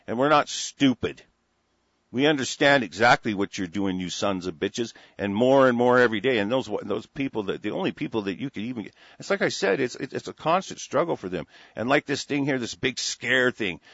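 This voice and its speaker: A man's voice: medium pitch, lively intonation, brisk, fairly bright tone, dry recording. A man delivering an angry, heated monologue, full of profanity and restarted phrases. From United States. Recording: dry, dull lo-fi recording.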